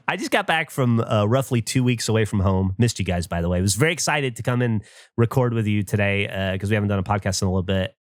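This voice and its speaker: A man's voice: fairly low pitch, expressive, fairly quick, no echo, clean studio sound. A man in his thirties hosting a podcast, telling a story in casual chat and acting out the voices of the people in it. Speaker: podcast host.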